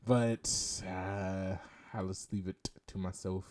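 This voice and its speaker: A man's voice: sits low, flat delivery, takes it slowly, a little mellow. Joking, laughing man hosting a podcast. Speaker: podcast host. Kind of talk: casual chat. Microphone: video call.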